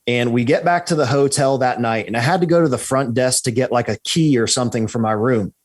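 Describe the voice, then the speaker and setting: A man, a guest on a podcast, telling a story in a lively way, often checking in with "right?" and restarting his sentences. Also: medium pitch, fairly quick. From United States. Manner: animated, repeats "right?" and restarts. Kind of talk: storytelling in an interview.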